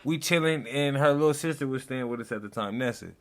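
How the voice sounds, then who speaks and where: A man's voice: medium pitch, fast. A young man hosting a casual reaction chat, telling a story in loose slang and acting out the quotes. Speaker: host.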